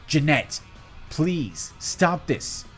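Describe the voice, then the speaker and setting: A man voicing a young male hero trainer, calm and earnest, who barks battle commands and lectures steadily. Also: on the high side, very slow, soft background music, heavily acted.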